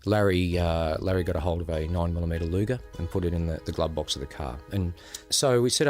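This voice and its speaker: Deep-voiced Australian man telling a story. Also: a little mellow, faint music behind. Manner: unhurried, reflective, acts out quoted voices. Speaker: former undercover police officer, guest. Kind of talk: conversational storytelling.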